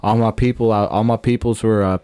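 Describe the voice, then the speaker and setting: A man's voice: on the low side, fairly even intonation, fairly quick, warm tone, smooth. A young man from northern Illinois, a podcast co-host chatting casually, rambling and repeating himself with lots of fillers. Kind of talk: casual chat.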